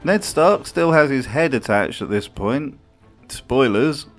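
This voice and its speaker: A man's voice: mid-range voice, expressive, takes it slowly, faint music behind. A man giving comedic commentary in a video essay, full of dry, sardonic asides.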